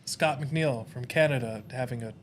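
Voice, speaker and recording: A man's voice: medium pitch, normal speed. A man with a mid-range voice co-hosts a casual podcast chat. He talks in a dry, matter-of-fact way and drops teasing asides, with faint noise underneath. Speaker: podcast co-host.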